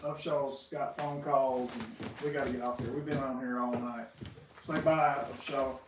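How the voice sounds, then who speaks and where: A man's voice: medium pitch, fairly even intonation, normal speed. A man co-hosting a casual livestream, speaking in short remarks from away from the mic in a noisy room. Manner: brief, wrapping things up. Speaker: co-host. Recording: roomy, distant, noisy room.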